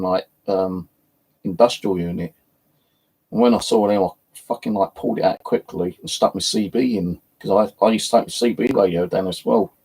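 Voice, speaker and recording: A man's voice: fairly low pitch, vocal fry, dark tone, slightly rough, low-quality recording. A man, telling a rambling story in casual chat, swearing freely as the host of his own channel.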